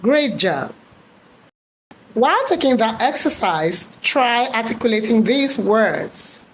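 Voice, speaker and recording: A woman teaching English pronunciation in a scripted online lesson, drilling words slowly and deliberately. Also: a little high, lively intonation, slight background noise.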